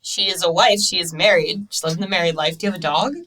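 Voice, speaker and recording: A woman's voice: lowish voice, steady tone, fast, fairly bright tone, recorded from a distance. An American woman hosting a podcast interview, bubbly and playful, laughing often and teasing her guest. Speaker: podcast host. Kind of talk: casual interview chat.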